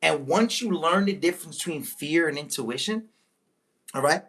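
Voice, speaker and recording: A woman giving a motivational talk to viewers, preachy and emphatic, repeating key lines, slowing on big points and breaking into excited exclamations. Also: low-pitched. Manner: slows right down on key phrases. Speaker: motivational speaker. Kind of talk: live-stream motivational talk.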